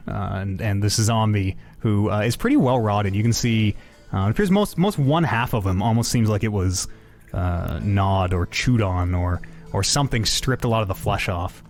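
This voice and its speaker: A man narrating a tabletop game as game master, hesitant and animated, with many pauses and restarts. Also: lowish voice, soft background music.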